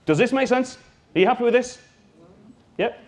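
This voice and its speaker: Man, business trainer, live workshop, high pitched, jokey, addresses audience. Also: lively intonation, normal speed.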